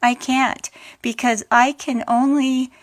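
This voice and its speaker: A woman's voice: high voice, little pitch movement, slow pace. Middle-aged woman, heartfelt personal talk, earnest, frequent fillers and restarts. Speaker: widow sharing her grief experience.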